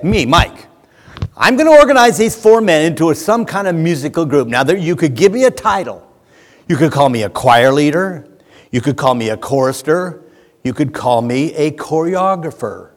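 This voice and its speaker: A man preaching a lively sermon in a church, animated, shouting at times as he acts things out. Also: fairly high pitch, moderate pace. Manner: animated, shouts when acting out a fan. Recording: church hall with long reverb.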